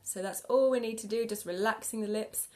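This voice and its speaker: A woman singing teacher guiding a live vocal warm-up lesson with gentle, encouraging instructions. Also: fairly high pitch, brisk. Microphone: live video stream.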